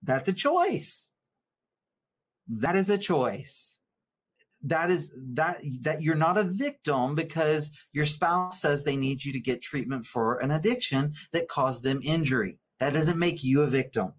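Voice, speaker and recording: A man who is a therapist, teaching a live webinar in an earnest, animated way, sometimes getting worked up and repeating words. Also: a little high, normal speed, hardly any pauses, a little hiss or hum. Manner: reads viewer comments aloud.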